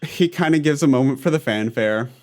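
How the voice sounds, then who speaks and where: A man narrating a tabletop role-playing session as its game master. His voice sits at an ordinary pitch, and he talks casually, dotting his scene descriptions with "uh". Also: brisk, a little mellow. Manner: narration full of uh fillers and laughs.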